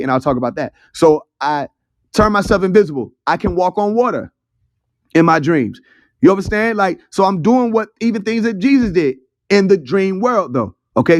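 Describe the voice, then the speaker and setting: A man's voice: fairly high pitch, dry recording, studio quality. A young man hosting an online audio room, telling a story in a loose, chatty, profane way. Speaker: host of an audio chat room. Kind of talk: casual storytelling talk. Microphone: phone in an online audio room.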